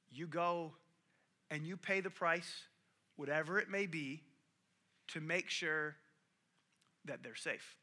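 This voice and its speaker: A young adult man preaching a sermon, telling a personal story with animated swings from hushed to loud. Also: on the high side, takes it slowly, long pauses. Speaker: pastor.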